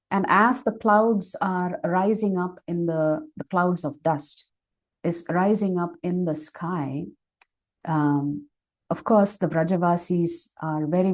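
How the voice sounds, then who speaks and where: A woman teaching as a spiritual speaker, retelling devotional scripture stories in a measured way with frequent fillers. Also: lowish voice, a little mellow, rough recording. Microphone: online session microphone.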